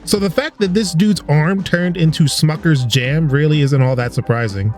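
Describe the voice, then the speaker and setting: A man's voice: fairly high pitch, a little mellow. A man hosting a comedic video about sports games, narrating in a sarcastic, joking way. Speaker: video host. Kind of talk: comedic game commentary narration.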